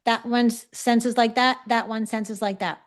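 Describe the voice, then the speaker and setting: A woman's voice: a little high, steady tone, a little slow. Chatty woman teaching an online class. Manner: conversational, checks in often with 'okay?'. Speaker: psychic development teacher. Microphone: video call.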